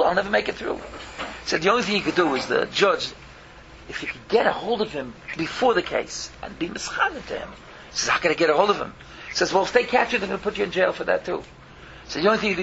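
A man preaches with fervor, his high, gravelly voice cutting sharp and bright. He swings from loud bursts to hushed pleading. The recording sounds slightly dull, with a faint hiss underneath. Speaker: rabbi giving a talk. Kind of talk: animated Yiddish-laced sermon.

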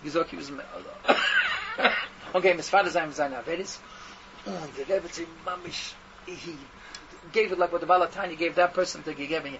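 A man's voice: a little high, moderate pace. A man telling a Hasidic tale in a rambling, repetitive way. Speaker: storyteller. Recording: dull recording with steady noise.

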